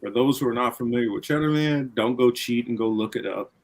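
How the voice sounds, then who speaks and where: Male livestream host, rambling offhand delivery, blunt, mid-pitched voice. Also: brisk, rough recording. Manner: rambling, blunt, swears casually. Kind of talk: casual livestream talk.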